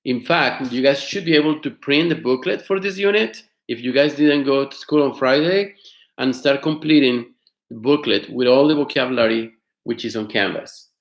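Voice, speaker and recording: A man teaching an online class, explaining words slowly, repeating them and asking his students questions. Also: medium pitch, roomy sound. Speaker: Spanish teacher. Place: home studio.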